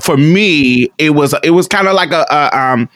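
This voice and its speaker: A man's voice: a little high, moderate pace, fairly bright tone, slight background noise. A man hosting a podcast, telling a memory in casual conversation, reflective and loose, with fillers and laughs. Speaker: podcast host.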